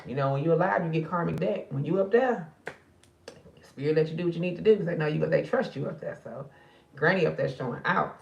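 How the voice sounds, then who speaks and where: A woman's voice: deep voice, quick pace, creaky, roomy sound, recorded from a distance, muffled recording, a little hiss or hum. A tired woman talking at night to her viewers in a casual, emotional vlog. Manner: tired, emotional, talks straight to viewers as sisters. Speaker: spiritual card reader and channel host.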